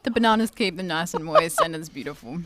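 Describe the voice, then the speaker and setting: A woman who is a nutritionist guest on a cooking show, talking in a relaxed way and reading out viewer questions. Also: lowish voice, quick pace. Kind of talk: casual cooking show chat.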